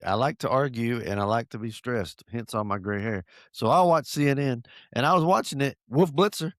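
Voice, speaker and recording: A man from North Georgia with a Southern accent, hosting a casual podcast, an animated storyteller who acts out quotes and chuckles. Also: mid-range voice, a little fast, dry recording, clean studio sound. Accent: Southern American. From North Georgia, USA. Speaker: podcast host.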